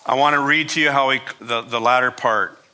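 A man's voice: medium pitch, fairly even intonation, fairly quick, sharp tone. A man preaching a sermon as pastor, emphatic and repeating phrases for effect.

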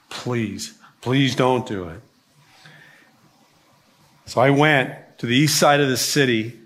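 A man preaching a first-person dramatic monologue as a resentful, self-pitying male biblical prophet, dramatic, swinging from hushed pleading to shouting. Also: mid-range voice, a little hiss or hum, natural voice.

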